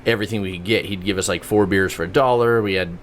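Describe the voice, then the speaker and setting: A man's voice: sits low, steady tone, quick pace, a little hiss or hum. A man who is a guest on a casual podcast, telling stories about himself in a laid-back, self-deprecating way. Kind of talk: casual chat.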